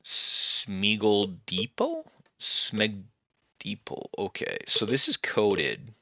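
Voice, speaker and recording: Low gravelly guy doing a let's play, lively up-and-down delivery, dull dry lo-fi mic. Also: drawn-out words, dry recording. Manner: chatty, reads game text aloud, thinks out loud. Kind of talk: casual gameplay commentary.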